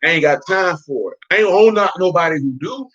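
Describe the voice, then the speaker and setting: A man's voice: high-pitched, expressive, fast talker, fairly bright tone. Slangy man preaching in a muffled recording. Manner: slangy, street-talk preaching; quizzes listeners by name. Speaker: Bible teacher. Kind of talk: informal Bible study sermon.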